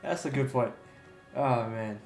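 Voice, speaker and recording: A man's voice: medium pitch, a little slow, darkish tone. A young man chatting casually while livestreaming a game, rambling with lots of fillers and restarts. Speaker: game streamer. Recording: echoey room, faint music behind.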